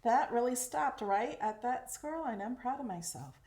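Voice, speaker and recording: A woman hosting a casual craft tutorial, chatty and excitable as she talks through each step while working. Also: on the high side, normal speed. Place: craft room at home. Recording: echoey room, faint noise.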